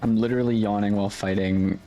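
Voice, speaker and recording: A man giving relaxed, unbothered commentary while playing a video game. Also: fairly low pitch, fast talker, muffled recording, faint music behind. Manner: laid-back, unbothered remarks while playing. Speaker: gaming channel host. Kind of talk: casual gameplay commentary.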